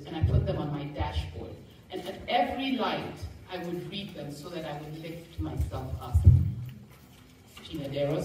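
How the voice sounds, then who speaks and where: A woman giving a motivational talk to a live audience, telling a personal story with laughter and acted-out quotes. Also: on the low side. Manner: animated, laughing, acts out quoted voices. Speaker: motivational speaker. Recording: echoey room, mic far off, faint noise.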